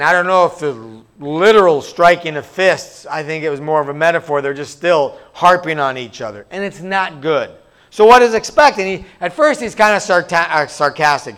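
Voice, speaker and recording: A man's voice: a little high, a bit bright, clean tone. A man preaching a sermon in a casual, self-deprecating way, now and then acting out quoted voices. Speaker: pastor.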